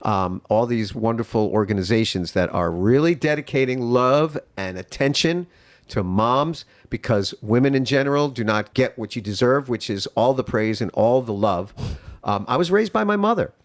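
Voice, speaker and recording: A man's voice: medium pitch, animated, moderate pace, no room sound. A man from New York hosting a podcast, talking in an earnest, heartfelt, rambling way. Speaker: podcast host. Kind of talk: casual interview chat.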